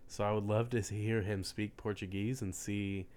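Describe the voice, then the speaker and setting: A man co-hosting a casual sports podcast, measured and making joking asides. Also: on the low side, flat delivery, a little mellow. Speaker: podcast co-host.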